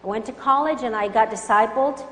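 A woman's voice: on the high side, brisk. A woman from Colombia giving an earnest testimony sermon, urging her listeners with conviction. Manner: earnest, urgent exhortation. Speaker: Christian speaker. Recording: echoey hall with faint hum.

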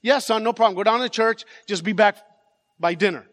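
Man doing a tired strict mom, scolding, highish voice, churchy echo. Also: fairly quick, a bit bright. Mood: indulgent. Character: exasperated stern mother of an unruly boy.

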